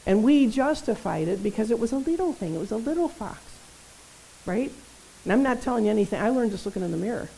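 A woman preaching a sermon in a conversational, animated way, often checking in with her listeners. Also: on the high side, quick pace, gravelly, a little hiss or hum, poor audio. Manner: conversational, animated, tag questions.

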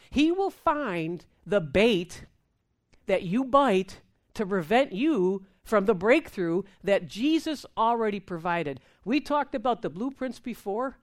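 A woman preaching a sermon in an animated, amped-up way, acting out prayers and laughing with the congregation. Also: medium pitch, slow.

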